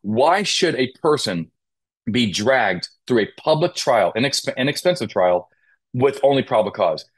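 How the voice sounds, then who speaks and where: Man, mid pitch, emphatic legal trainer on an interview podcast, asks rhetorical questions. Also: very animated, normal speed, husky. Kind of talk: conversational interview. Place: Las Vegas.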